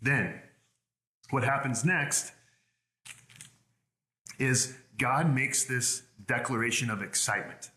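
A man's voice: mid-range voice, slow, pauses often, pushed and bright, roomy sound. A man preaching a sermon in an earnest way, often repeating words as he builds his points. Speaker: pastor.

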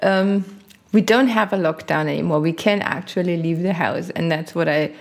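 Creaky-voiced giggly woman. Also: on the low side, moderate pace. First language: not English. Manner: giggly, searching for words. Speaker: podcast co-host. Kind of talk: casual chat.

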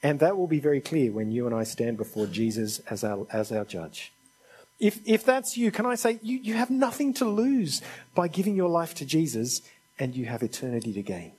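A man's voice: mid-range voice, sing-song, normal speed, a little mellow, husky, rough recording. A man preaching a sermon in an earnest, conversational and pleading manner.

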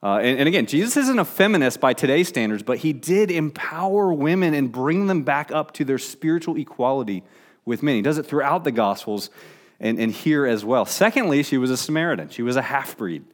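Middle-aged male pastor, conversational sermon delivery, restarts and fillers, mid-pitched. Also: animated, brisk.

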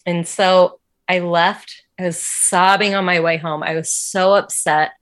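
A woman's voice: on the low side, fairly even intonation, measured pace, fairly bright tone. A woman guest telling a personal faith story in an earnest, emotional way, with lots of casual "like" fillers. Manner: casual, heavy use of "like" fillers. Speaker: interview guest.

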